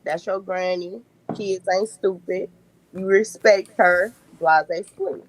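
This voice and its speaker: A woman, a podcast guest telling lively family stories and laughing often. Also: mid-range voice, takes it slowly, slight background noise, rough recording. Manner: animated storyteller, laughs often. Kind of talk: casual podcast chat.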